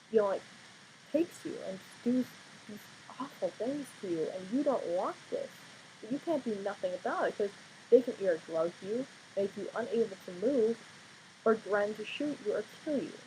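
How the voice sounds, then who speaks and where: A sleepy teenage girl talks softly into her camera at home late at night, trying not to wake anyone. She rambles with lots of ums and trails off, then turns blunt and heated. Her voice sits mid-range, with a faint hiss behind it. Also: mid-range voice, rough recording. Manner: quiet, tired, rambling with many fillers, blunt outbursts. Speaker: vlogger. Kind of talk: casual vlog monologue.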